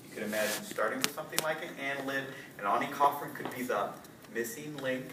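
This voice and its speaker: A man's voice: mid-range voice, fast. A man giving a casual college zoology lecture, quizzing students and often checking with "right?". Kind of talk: classroom lecture. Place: lecture hall. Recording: roomy lecture hall from far off, light noise.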